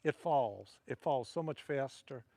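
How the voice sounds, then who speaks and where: A man's voice: medium pitch, animated, measured pace, gravelly, mellow, no echo. A man with a Southern Louisiana accent chatting casually to livestream viewers while fishing from a wharf at night, rambling between casts.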